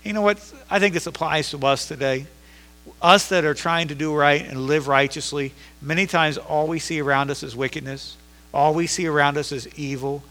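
A man's voice: on the high side, fairly even intonation, moderate pace, sharp tone. A man preaching a sermon as pastor, reading scripture aloud and growing emphatic as he preaches. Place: church sanctuary. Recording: echoey hall reverb.

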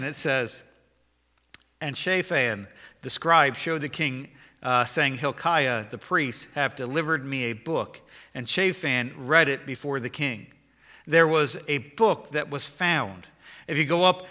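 Bright-voiced preacher in a reverberant hall. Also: male voice, fairly high pitch. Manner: preaches with rising emphasis, reads scripture aloud. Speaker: pastor. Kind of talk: sermon.

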